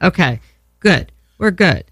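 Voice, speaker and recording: A woman's voice: fairly low pitch, very animated, slow pace, slightly rough, dry recording. Rambling, salty older woman host. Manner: rambling, profane, self-deprecating. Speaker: podcast host. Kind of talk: casual chat.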